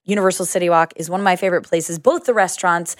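A woman's voice: fairly low pitch, steady tone, quick pace, no echo, clean studio sound. A woman co-hosting a casual chat, upbeat and enthusiastic. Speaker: co-host.

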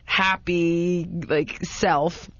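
A woman with a fairly low voice tells a casual anecdote, rambling and restarting as she piles on dramatic self-mocking exaggeration. The recording is dry and somewhat dull, with no room sound. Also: steady tone, drawn-out words, no room sound.

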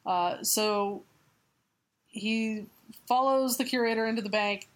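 A woman's voice: a little high, fairly even intonation, measured pace. A woman co-hosting a comic book podcast, recapping a story in casual, sarcastic, profane chat and laughing often. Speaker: podcast co-host.

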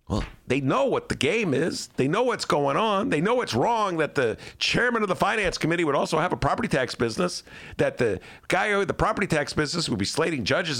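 Animated, gravelly-voiced man ranting sarcastically. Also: fairly high pitch. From Chicago. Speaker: podcast co-host. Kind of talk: casual podcast chat, ranting commentary.

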